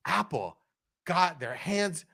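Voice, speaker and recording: Man podcast co-host, jokey riffing, lively pitch, bright tone. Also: slow, gravelly, no echo, studio quality. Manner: jokey, does mock voices and bits. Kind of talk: casual chat.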